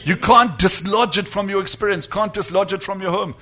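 A man preaching to his congregation in a high, bright voice. He drives his points home with loud declarations, then drops into quiet asides. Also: brisk. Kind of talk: sermon.

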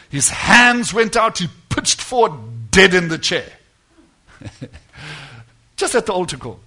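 A man preaching to his congregation in a high, bright voice. He drives his points home with loud declarations, then drops into quiet asides. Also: slightly rough. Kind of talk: sermon.

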